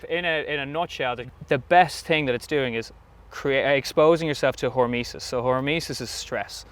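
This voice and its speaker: An Irish-accented man who owns a sauna business chats enthusiastically as a guest in a casual interview outdoors at a rugby club, using frequent fillers. His voice is medium-pitched and his speed normal.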